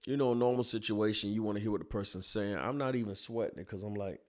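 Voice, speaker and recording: Low-voiced man telling colloquial stories. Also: fast talker, hardly any pauses. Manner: colloquial, animated storytelling, acts out voices. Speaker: speaker and business owner. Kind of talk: storytelling talk.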